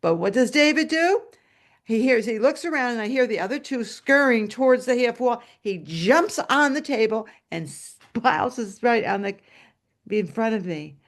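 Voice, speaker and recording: A woman storyteller telling a personal tale aloud over a video call, animated and dramatic. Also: a little slow. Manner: animated and dramatic, shouting at high points. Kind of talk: live oral storytelling.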